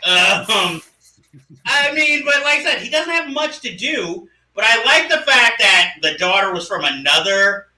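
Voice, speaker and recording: High bright guy talking movies, sounds far from the mic in an echoey room. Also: measured pace. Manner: animated, laughs often, acts out quotes. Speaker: podcast co-host. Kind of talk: casual movie discussion.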